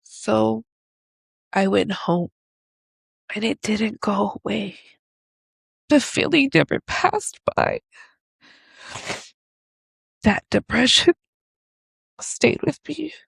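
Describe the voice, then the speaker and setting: A woman podcast host slowly telling a personal, emotional story in a confessional way. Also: mid-range voice, animated, gravelly, husky, dry recording.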